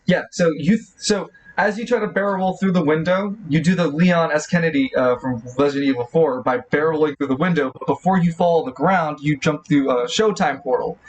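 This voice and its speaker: A man's voice: on the high side, a little hiss or hum, low-quality recording. A man running a tabletop game as game master, narrating with many fillers and restarts.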